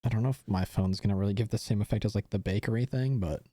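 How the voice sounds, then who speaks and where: A man's voice: on the low side, fast, dark tone, no room sound. A young man streaming live, chatting casually and rambling with many fillers and restarts.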